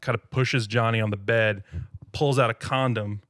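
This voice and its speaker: A man co-hosting a casual movie-review podcast, retelling scenes in an animated way and laughing often. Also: fairly low pitch, normal speed, dry recording, studio quality. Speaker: podcast co-host.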